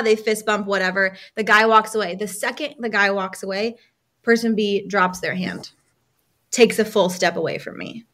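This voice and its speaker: A woman, a healing coach, telling a personal story as a podcast guest, lively, acting out other people's lines and using many casual fillers. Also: mid-range voice, normal speed.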